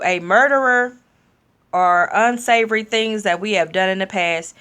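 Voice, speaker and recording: A woman sharing a personal testimony in a sermon style, speaking openly and leaning slowly into her key phrases. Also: mid-range voice, fairly bright tone, clean tone. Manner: slow, drawn-out emphasis, candid and personal.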